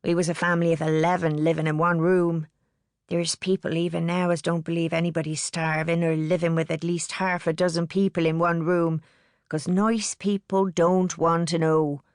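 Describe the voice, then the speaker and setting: A woman voicing an elderly bedridden woman with a Liverpool accent who talks slowly and bluntly in dialect, fretful and lecturing. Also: fairly low pitch, level tone, a little mellow, clean tone, no echo, clean studio sound, close to an everyday voice. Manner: slow, blunt dialect speech.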